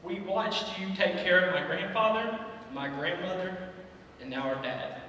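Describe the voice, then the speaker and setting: A man's voice: high-pitched, expressive, moderate pace, bright, forceful tone. A man speaking as a son at a memorial, telling affectionate, humorous stories about his father. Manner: affectionate, joking storyteller. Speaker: son giving a eulogy. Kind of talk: memorial tribute speech. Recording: echoey hall, distant mic, background noise.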